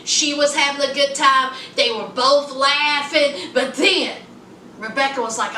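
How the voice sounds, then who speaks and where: A woman's voice: high voice, a little slow, bright, forceful tone, far from the mic, slight background noise. A middle-aged woman recapping a reality show in a sassy, chatty style, calling viewers honey and y'all. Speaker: reality TV reviewer. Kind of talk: casual recap vlog. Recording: echoey room, voice off-mic.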